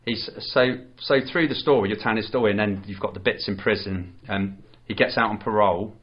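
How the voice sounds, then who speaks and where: A man's voice: fairly low pitch, brisk, muffled recording. A man, co-hosting a podcast and retelling a film plot in a rambling, casual way with lots of restarts. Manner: rambling, with many restarts and fillers. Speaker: podcast co-host.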